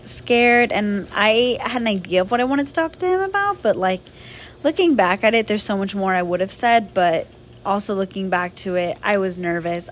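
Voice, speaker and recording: A woman's voice: mid-range voice, slight background noise. A young woman casually telling a personal story to her viewers, chatty and full of fillers. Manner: chatty, filler-heavy, animated retelling. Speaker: vlogger.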